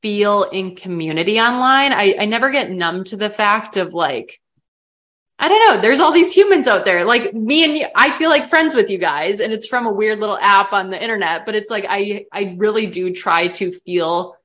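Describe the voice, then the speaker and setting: Young midwest woman guesting on a podcast, chatty, lots of likes and ums, middle pitch. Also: moderate pace, hardly any pauses, pushed and bright. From American Midwest. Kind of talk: casual podcast interview.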